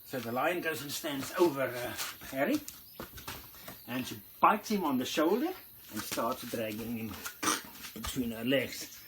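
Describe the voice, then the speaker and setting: A man who works as a tour guide telling a comic story, animated, dropping to hushed tones for suspense. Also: mid-range voice, a little slow, noisy background.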